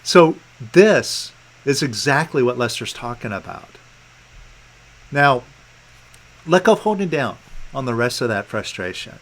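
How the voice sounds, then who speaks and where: A man guiding a client through letting go of feelings in a calm, coaxing way, repeating gentle prompts over a video call. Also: mid-range voice, a little slow, long pauses, a little hiss or hum, rough recording. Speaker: meditation coach. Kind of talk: guided release coaching session.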